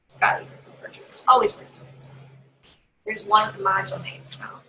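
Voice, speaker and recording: A woman giving chatty, animated tips as a direct sales consultant in a casual live video. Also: fast, slight background noise, poor audio. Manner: chatty, animated, acts out customers in higher voices.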